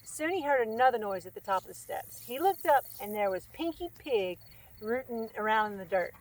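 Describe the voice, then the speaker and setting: A woman's voice: fairly high pitch, animated, normal speed. A woman hosting a storytime who reads a children's picture book aloud, friendly and chatty. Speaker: storytime reader and host.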